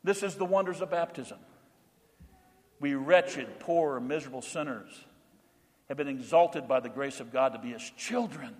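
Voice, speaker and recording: A middle-aged man preaching a sermon as pastor, emphatic, slowing down for repeated refrains the congregation says back. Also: mid-range voice, darkish tone. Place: church sanctuary. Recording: long church reverb.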